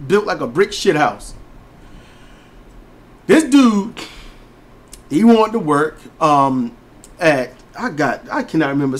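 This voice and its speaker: A man co-hosting a podcast, ranting and telling stories in an emphatic way. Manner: emphatic, storytelling, lively pitch swings. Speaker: podcast co-host. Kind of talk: casual ranting commentary.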